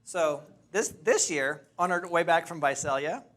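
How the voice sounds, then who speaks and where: A man in a training session, telling animated stories about finding property to a class. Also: fairly high pitch, a little slow. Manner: animated, chatty, restarts and laughs. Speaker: real estate investing trainer. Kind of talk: lively storytelling to a class.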